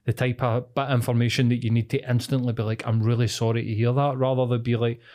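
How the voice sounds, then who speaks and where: A man's voice: mid-range voice, flat delivery, quick pace, a little mellow. Rambling man chatting. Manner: rambling, reflective, full of filler likes. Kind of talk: casual podcast chat.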